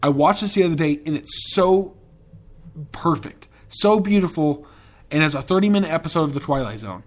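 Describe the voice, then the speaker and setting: A man's voice: on the high side, expressive, moderate pace. A man hosting a podcast in a casual, rambling and profane way, with enthusiastic tangents. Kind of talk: casual chat.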